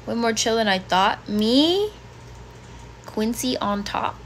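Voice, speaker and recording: A woman's voice: fairly high pitch, animated, takes it slowly, a little hiss or hum. A woman in her twenties on a casual home livestream, reading chat comments aloud and reacting bluntly. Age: 20s. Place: bedroom at home.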